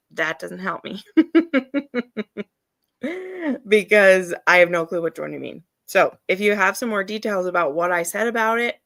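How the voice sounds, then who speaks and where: A woman's voice: on the low side, pushed and bright, no room sound. A woman hosting a live reading stream, chatting casually and laughing often as she gushes about books. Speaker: readathon host.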